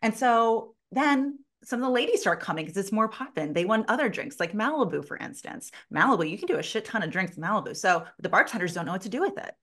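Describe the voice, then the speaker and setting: A woman in her thirties, a sales consultant, tells stories in a casual interview with a medium-pitched voice, talking fast with few pauses. She's animated, acts out the voices of people she quotes, swears freely, and says "like" constantly.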